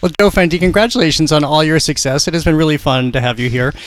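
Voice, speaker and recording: A man hosting a radio culture show, interviewing a guest in a relaxed way and laughing often. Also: a little high, quick pace, no echo. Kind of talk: conversational interview.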